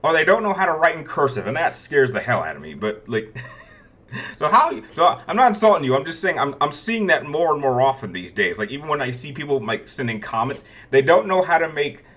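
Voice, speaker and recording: A man's voice: a little high, sing-song, fairly quick, a bit bright. A man in his thirties hosting a casual Q&A, rambling through viewer questions with frequent restarts. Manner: rambling, many restarts, chuckles between answers. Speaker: YouTube Q&A host.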